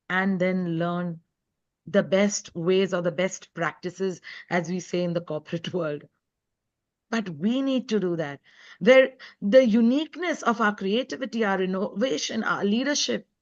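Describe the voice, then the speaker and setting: A woman author speaking as a guest in a live online talk, earnest and emphatic. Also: medium pitch. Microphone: video call. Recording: dull lo-fi web call audio.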